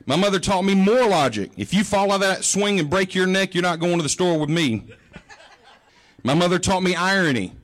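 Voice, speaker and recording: Middle-aged male pastor, high-pitched, folksy storyteller with a joking delivery. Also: lively intonation, brisk, fairly bright tone. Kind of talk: sermon.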